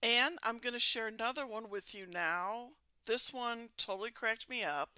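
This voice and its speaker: Older woman podcast host, bright lively voice, sarcastic and chatty, dry close sound. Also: on the high side, normal speed, clear, resonant tone, no room sound. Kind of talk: casual podcast monologue.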